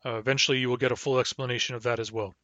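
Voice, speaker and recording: Man, language teacher, measured delivery, repeats words slowly, dull lo-fi recording. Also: mid-range voice, level tone, bright, forceful tone, no echo. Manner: measured, spells out and repeats each word slowly.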